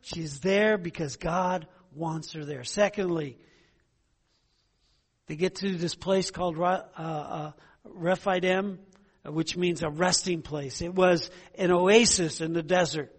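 A man's voice: high-pitched, steady tone, measured pace, husky. A man pastor preaching a conversational sermon, often asking "right?" and "okay?" to his congregation. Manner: conversational, rhetorical questions, frequent "right?".

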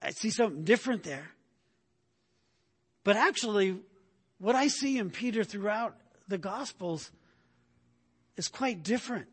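Male preacher, sermon, high voice, rhetorical questions, repeats himself. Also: lively intonation, unhurried, long pauses, husky, long reverb tail. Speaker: pastor.

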